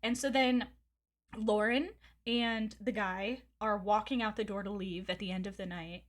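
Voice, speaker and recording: A woman's voice: mid-range voice, steady tone, unhurried. A woman streamer chatting casually, telling a gossipy story candidly with frequent swearing and laughs. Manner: rambling with fillers and laughs. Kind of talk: casual chat.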